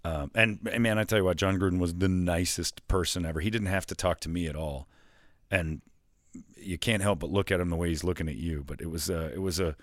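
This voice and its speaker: A radio host in casual podcast chat, telling rambling stories with many restarts. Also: male voice, sits low, a little fast, no room sound, studio quality. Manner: rambling storyteller, lots of restarts and impressions.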